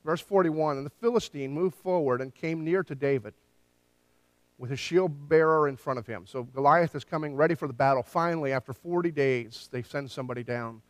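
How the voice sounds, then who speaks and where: A man preaching a sermon, retelling scripture with lively storytelling and acted-out quotes. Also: fairly high pitch, fairly quick, dry recording. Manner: animated storytelling, voices quoted lines. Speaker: pastor.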